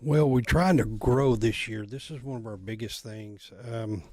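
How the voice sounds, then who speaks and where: A man's voice: mid-range voice, measured pace, warm tone. A man hosting a casual interview for his shop's channel, friendly and chatty, with plenty of fillers. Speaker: shop owner and show host.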